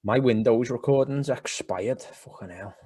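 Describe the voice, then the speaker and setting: A man's voice: mid-range voice, a little slow, dark tone, husky. Laid-back chatty podcast co-host, a man. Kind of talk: casual banter about football and MMA.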